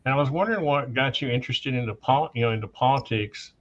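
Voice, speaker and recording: Male host in his 50s, bright tense voice, joking and friendly, dull lo-fi recording. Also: medium pitch, quick pace. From Tennessee. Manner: friendly, joking, loose talker. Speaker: podcast host. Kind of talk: casual interview chat. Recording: dull lo-fi mic.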